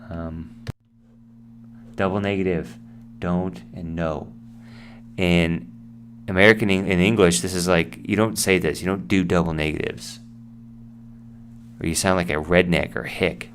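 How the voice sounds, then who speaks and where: A man's voice: low-pitched, unhurried, pauses often, a little hiss or hum. A man giving a casual English vocabulary lesson, explaining words and acting out example sentences. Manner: explanatory, acts out example sentences in different voices. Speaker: English teacher.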